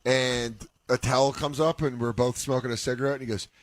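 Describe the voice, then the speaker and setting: A man co-hosting a comedy radio show who tells animated stories and mimics other people's voices. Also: mid-range voice, a little fast, no echo. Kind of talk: casual radio chat.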